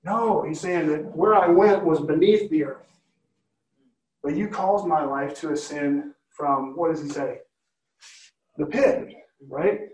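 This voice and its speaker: A man's voice: a little high, slow pace, long pauses, darkish tone. Man teaching scripture in a roomy space. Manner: conversational, asks the listeners questions often. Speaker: Bible teacher. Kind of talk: Bible study teaching. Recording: roomy, from a distance.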